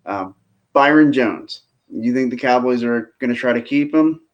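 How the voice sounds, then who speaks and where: A man co-hosting a casual sports talk show, relaxed, telling stories and steering to the next topic. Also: medium pitch, normal speed, highs cut off. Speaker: sports podcast co-host. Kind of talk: casual chat.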